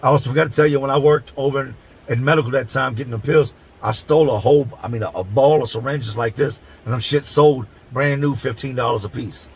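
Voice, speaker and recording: A man's voice: medium pitch, fast, breathy edge, low-quality recording. A middle-aged man from Philadelphia telling a prison story in blunt, profane street talk, stretching words for emphasis. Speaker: channel host telling prison stories. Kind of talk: casual storytelling to camera.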